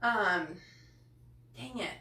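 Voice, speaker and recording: A woman's voice: medium pitch, drawn-out words, bright, forceful tone. A woman coach hosting a live talk to her viewers, passionate and emotional, with many fillers. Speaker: coach hosting a live body-image training. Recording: roomy sound from a distant mic.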